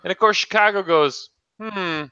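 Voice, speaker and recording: A man's voice: medium pitch, normal speed, dry recording, muffled recording. A man hosting a casual podcast, telling a story with lots of swearing and laughing. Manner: profane, animated storyteller, laughs often. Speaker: podcast host.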